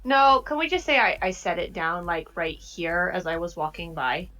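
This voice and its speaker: Bright-voiced woman playing a tabletop game. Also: on the low side, normal speed, faint music behind. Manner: casual, hesitant. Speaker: player. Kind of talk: casual tabletop game chat.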